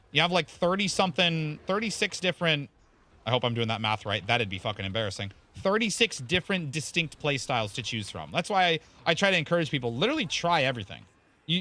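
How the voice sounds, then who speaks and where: A man's voice: fairly high pitch, sharp tone. A man streaming a game, rambling casually, explaining the game and thanking viewers by name with the odd curse. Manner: casual swearing. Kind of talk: casual live-stream chat.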